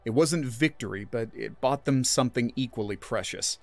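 A man narrating a sci-fi audio story in a measured, dramatic storytelling manner. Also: medium pitch, gravelly, dry recording, faint music behind. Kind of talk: scripted narration.

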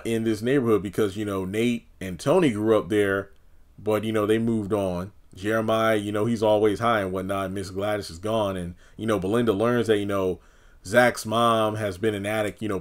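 A man giving a casual, opinionated recap of a TV episode, talking loosely with lots of fillers and acting out the characters' lines. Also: lowish voice. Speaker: TV episode reviewer.

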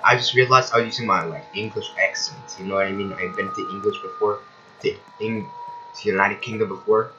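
A young man casually commenting on his gameplay, excitable and yelping with surprise. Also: fairly low pitch, fairly quick, highs cut off, a little hiss or hum. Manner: excitable, shouts and yelps of surprise. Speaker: gaming streamer.

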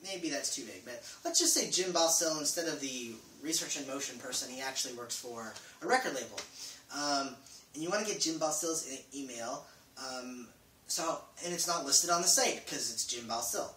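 A man's voice: medium pitch, animated, normal speed, sharp tone, far from the mic. A man giving a casual how-to vlog, rambling with lots of fillers and small jokes. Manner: rambling, filler-heavy, jokey. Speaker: vlogger. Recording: echoey room, voice from off-mic, faint noise.

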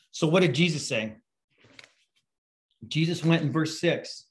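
Middle-aged man, pastor; relaxed sermon delivery, chatty and anecdotal, voice sits a bit high. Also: measured pace, pauses often. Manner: casual, storytelling with fillers and restarts. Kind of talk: conversational sermon.

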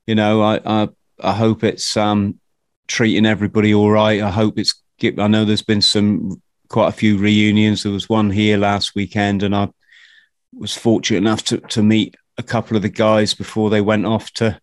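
A man hosts a casual interview, thinking aloud in halting bursts and often restarting his sentences. His voice sits on the low side. The recording is dry, with no room sound. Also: flat delivery, dry recording. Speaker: podcast host.

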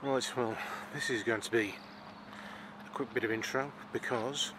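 A man's voice: medium pitch, steady tone, measured pace, background noise. A young man with a West Midlands accent chatting shyly to camera from inside a parked car, hesitant and full of fillers. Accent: West Midlands (Wolverhampton). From England. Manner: shy, hesitant, many fillers and restarts. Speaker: vlogger. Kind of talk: casual to-camera chat.

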